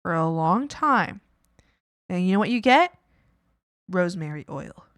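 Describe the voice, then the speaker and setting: A woman's voice: on the low side, very animated, unhurried, a bit bright, clean tone, no echo, studio quality. A young woman from Canada chatting casually on a stream, rambling and swearing with many fillers. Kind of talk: casual chat.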